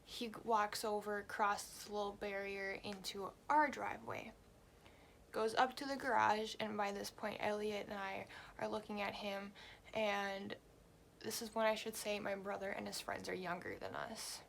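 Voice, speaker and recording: A young woman vlogger telling a story in a lively, blunt way and swearing often. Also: medium pitch, normal speed, creaky, a little hiss or hum. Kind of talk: storytime vlog.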